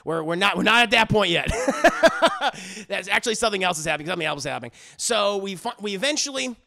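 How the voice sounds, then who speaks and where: A man with a high, bright, gravelly voice rambles through a comic movie recap. He talks animatedly, swears often and restarts his sentences. He often breaks into loud laughter. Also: expressive, quick pace. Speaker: movie reviewer.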